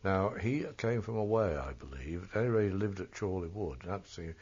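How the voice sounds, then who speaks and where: A man's voice: low-pitched, normal speed, darkish tone, slightly rough. An older man from England reminiscing in an interview, hesitant and full of ums and self-corrections. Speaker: oral history interviewee. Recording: muffled lo-fi recording.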